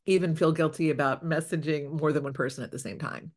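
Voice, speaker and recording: An interview host who coaches daters, speaking with warm praise and giving plain dating advice. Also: mid-range voice, steady tone, fast talker. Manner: enthusiastic and encouraging, advising plainly. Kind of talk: casual interview talk.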